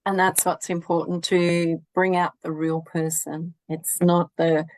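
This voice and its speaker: A woman radio host offers calm, encouraging reflections to her guest. Her voice sits a little low, and the sound is dry and close, with no room around it. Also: unhurried, dry recording, low-quality recording. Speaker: radio talk show host. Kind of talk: casual interview chat.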